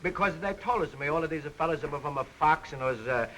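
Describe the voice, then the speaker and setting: A man's voice: fairly high pitch, animated, fast talker, bright, forceful tone, a little hiss or hum, rough recording. An actor putting on a comic broken-English dialect, playing a chummy, joking immigrant man who laughs as he talks. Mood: jovial.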